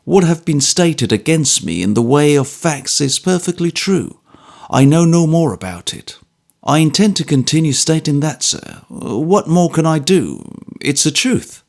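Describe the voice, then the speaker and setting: A man's voice: fairly high pitch, very animated, a little slow, gravelly, pitched above the performer's own voice, full character voice. A man reading an audiobook and voicing a bluff, good-humoured former soldier who speaks steadily, politely and stubbornly. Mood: firm, polite.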